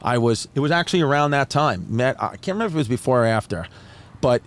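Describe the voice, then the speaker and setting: A man's voice: mid-range voice, fast. A man from New York, a comedian guesting on a podcast, telling a story in a casual, profane way and acting out the other people in it. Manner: animated, profane, acts out quotes in other voices.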